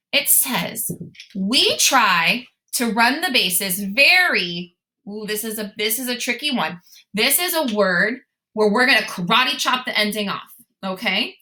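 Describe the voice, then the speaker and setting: A woman's voice: a little high, pushed and bright. A young adult woman teaching a phonics lesson to young children, asking questions and cheerfully answering them in a sing-song way. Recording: echoey room.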